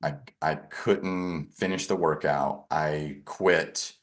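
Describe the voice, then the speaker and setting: Deep-voiced man telling a hard story. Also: fairly even intonation. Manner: halting, with frequent restarts and self-corrections; frank and self-deprecating. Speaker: podcast guest. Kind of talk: candid personal storytelling.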